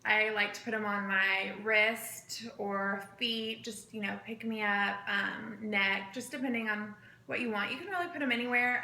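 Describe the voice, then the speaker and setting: A woman's voice: medium pitch, sharp tone. Easygoing woman co-teaching in an echoey room. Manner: easygoing, agreeable, playful. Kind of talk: casual impromptu class.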